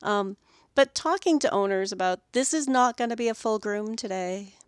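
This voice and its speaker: A woman hosting a podcast about dog grooming, telling animated stories about her week and acting out the owners and dogs. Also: mid-range voice, moderate pace, clear, resonant tone, dry recording, studio quality. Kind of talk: solo podcast monologue.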